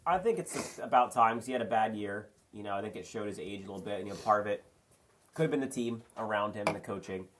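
A man's voice: fairly low pitch, fast talker, fairly bright tone, a little hiss or hum. A man giving his opinions in a casual sports podcast chat.

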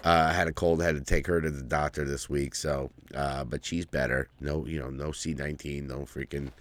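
A man's voice: rumbling low, flat delivery, normal speed, no echo. A middle-aged man hosting a podcast in casual banter, rambling, swearing freely and laughing often. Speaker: podcast host.

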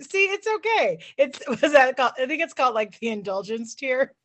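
Young woman, high voice, bright tone, animated podcast chat, laughs a lot. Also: normal speed, hardly any pauses. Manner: animated, laughs often, playful joking. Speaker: podcast co-host. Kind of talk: casual chat.

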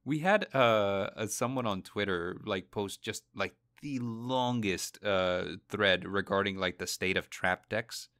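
A man's voice: on the low side, measured pace, few pauses, fairly bright tone, clean tone, no room sound, studio quality. A man co-hosting a casual podcast, rambling with many fillers and laughing easily. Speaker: podcast co-host. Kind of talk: casual chat.

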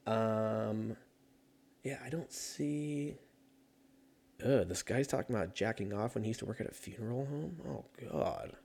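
A man's voice: on the low side, unhurried, darkish tone, husky. A man talking casually on his own, rambling and joking with plenty of swearing. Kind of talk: casual solo chat.

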